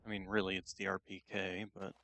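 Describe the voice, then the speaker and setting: A man's voice: low-pitched, flat delivery, brisk, fairly bright tone. A man streaming a shooter game, chatting casually and talking to his cat between game remarks. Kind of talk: casual gameplay commentary.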